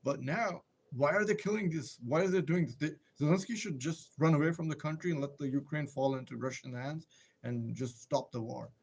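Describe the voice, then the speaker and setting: A man's voice: on the high side, fairly quick. A man hosting a casual live stream, rambling and emphatic, firing off rhetorical questions and answering viewer comments.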